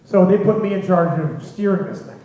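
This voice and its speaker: A man's voice: high voice, a little fast, slight background noise. Male storyteller in a big echoey hall. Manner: lively, chuckling storyteller. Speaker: storyteller at a symposium. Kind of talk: spoken anecdote to a live audience. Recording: very echoey hall, dull lo-fi sound.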